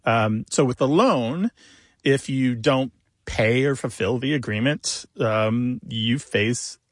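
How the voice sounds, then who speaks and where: A man co-hosting a call-in radio show about words, explaining word origins in a relaxed way with fillers. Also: mid-range voice, slow pace, no echo, clean studio sound.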